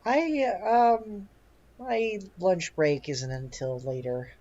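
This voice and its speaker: A game master voicing a tired, nervous young woman worker who talks slowly and hesitantly, with sighs. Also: mid-range voice, sing-song, warm tone. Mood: weary. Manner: slow, hesitant, sighing. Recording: dull lo-fi sound.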